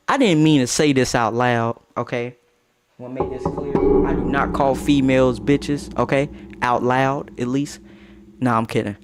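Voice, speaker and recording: A young man telling a casual storytime tale in a lively, slangy way, laughing as he goes. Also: medium pitch.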